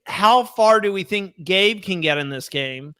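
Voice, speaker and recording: A young man co-hosting a fan podcast, his voice high and bright. He sounds smooth and crisp, close and dry with no room sound. He chats casually and with energy. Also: unhurried, dry recording. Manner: animated, reads chat comments aloud. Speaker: podcast co-host. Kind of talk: casual chat.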